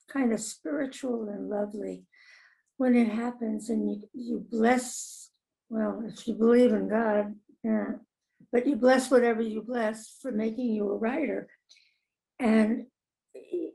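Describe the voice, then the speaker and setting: Older woman, slow gravelly storyteller. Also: fairly high pitch, low-quality recording. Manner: animated, acts out quoted voices, laughs often. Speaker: TV comedy writer. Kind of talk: conversational storytelling.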